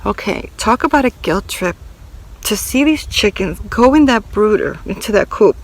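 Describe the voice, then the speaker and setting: A woman's voice: mid-range voice, animated, moderate pace, low-quality recording. Woman vlogging outdoors on her homestead. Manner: confiding, talks to viewers while walking outdoors. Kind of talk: casual vlog to camera. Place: outdoors on a rural property by a chicken coop.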